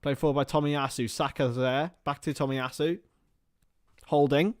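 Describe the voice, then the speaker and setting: A man streaming live fan commentary on a football match, excitable and rambling, chatting with his viewers between calls of the play. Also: fairly high pitch, moderate pace, dry recording, studio quality.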